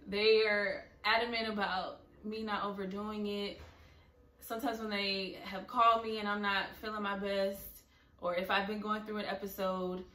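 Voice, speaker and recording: A young woman speaking earnestly and openly emotional in a personal vlog. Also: mid-range voice. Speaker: vlogger. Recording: echoey room, a bit far from mic, soft music.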